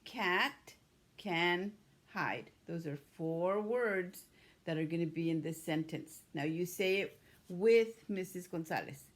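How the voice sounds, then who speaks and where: A woman's voice: lowish voice, slow pace. A woman teacher leading an early-grade writing lesson, patiently sounding out letters and words.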